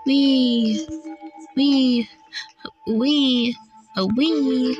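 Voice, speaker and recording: A woman commentating her own gameplay, excitable, often yelling and laughing at the game. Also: medium pitch, moderate pace, pauses often, no room sound, soft background music. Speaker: gamer. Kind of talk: let's-play gameplay commentary.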